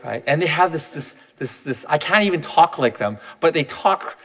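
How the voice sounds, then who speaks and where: A man's voice: on the high side, lively intonation, normal speed, fairly bright tone. A man in his thirties giving a candid, self-deprecating personal talk, often restarting his sentences.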